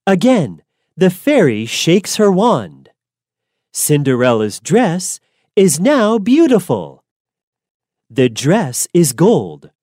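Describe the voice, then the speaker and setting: A woman narrating a simple storybook in a clear, deliberate way. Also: on the low side, very animated, mellow, no echo, studio quality. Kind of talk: slow storybook reading for learners.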